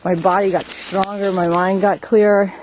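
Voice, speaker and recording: A woman's voice: mid-range voice, level tone, normal speed, a little mellow, a little hiss or hum. A woman vlogging casually while walking outdoors in the woods, musing aloud with lots of fillers.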